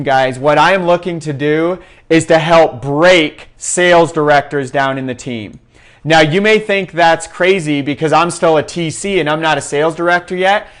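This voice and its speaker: A young man giving a passionate, preachy recruiting talk to his sales team. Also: fairly high pitch. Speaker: team leader in a sales network. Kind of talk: fervent recruiting pitch.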